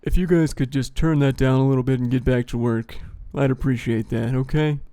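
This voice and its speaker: Guy putting on a bossy corporate manager, loud, patronizing, flat dry sound. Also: mid-range voice, fairly quick, no echo, lightly acted. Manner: loud, patronizing office-speak. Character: pushy corporate male boss, smooth and bossy.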